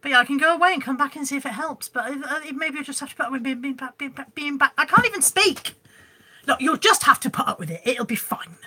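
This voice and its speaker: Barely pausing, a woman talks fast in a high-pitched, bright, forceful voice as she hosts a reseller live stream from home on her phone camera. She chats in a scattered way, reads viewers' comments out, and rambles a little.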